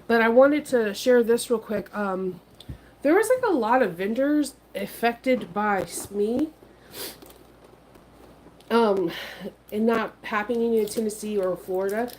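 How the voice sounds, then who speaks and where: A woman's voice: on the high side, lively intonation, slow, pauses often, slight background noise, rough recording. Chatty, rambling woman crafter, a bit unwell. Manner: chatty, rambling, many ums. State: feeling unwell. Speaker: sewing and craft livestream host. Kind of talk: casual livestream chat.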